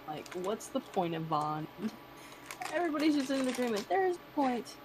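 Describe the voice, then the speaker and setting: A woman's voice: a little high, very animated, moderate pace, noisy background. A young adult woman chatting casually during an art stream, laughing often and teasing playfully. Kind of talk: casual chat while drawing on stream.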